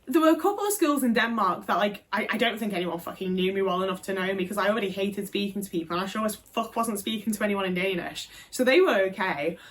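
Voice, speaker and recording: A young woman speaking frankly to camera, swearing often and restarting her sentences in a casual vlog. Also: medium pitch. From Britain. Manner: frank, frequent swearing, emphatic; many fillers and restarts. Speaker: vlogger.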